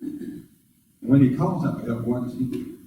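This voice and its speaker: A man preaching a sermon as pastor, talking to the congregation in a conversational way with rhetorical questions, and jumping up high in pitch when he acts out quoted voices. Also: moderate pace, noisy background. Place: church sanctuary. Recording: very echoey room, voice far from the mic.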